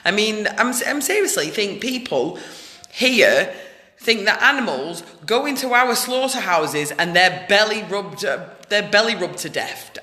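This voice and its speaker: A woman ranting in a casual vlog, loud, blunt and indignant. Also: on the low side, lively intonation, moderate pace. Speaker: vlogger, animal rights activist. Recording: echoey room with long reverb.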